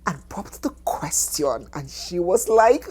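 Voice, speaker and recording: A woman tells a documentary story in a husky, slightly low voice. Her delivery is animated and sweeps widely in pitch. She drops into hushed whispers for effect. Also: takes it slowly.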